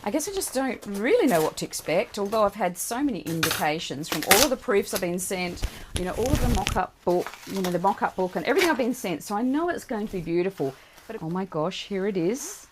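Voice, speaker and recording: Gushing, excited woman vlogger. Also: medium pitch, fairly quick, noisy background. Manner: warm and chatty, talking to viewers. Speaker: children's book author. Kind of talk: unboxing vlog.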